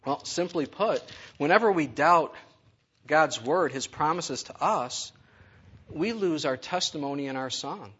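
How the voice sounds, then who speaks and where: A man's voice: fairly high pitch, animated, a little slow, fairly bright tone, slightly rough, dull audio. A man preaching a sermon to his congregation, conversational and full of rhetorical questions. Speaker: pastor.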